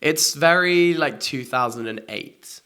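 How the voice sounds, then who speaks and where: A man joining a casual chat as a guest, trading quick, playful quips. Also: fairly high pitch, animated, bright, forceful tone.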